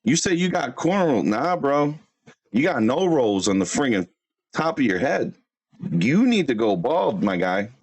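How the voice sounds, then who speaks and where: A man hosting a livestream, roasting other streamers in brash, swearing, fast bursts. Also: mid-range voice, sing-song, slightly rough. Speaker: livestream host.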